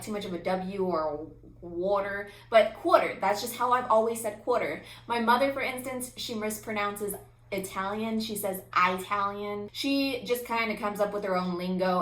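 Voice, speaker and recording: A woman instructor giving a recorded lecture, energetic and emphatic with an expressive voice. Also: medium pitch. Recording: echoey room.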